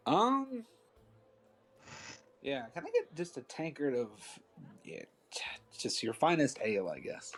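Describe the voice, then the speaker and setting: A man playing a tabletop game in character, speaking in a hesitant, halting way. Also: on the high side, huge pitch swings. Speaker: player. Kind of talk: casual tabletop role-play.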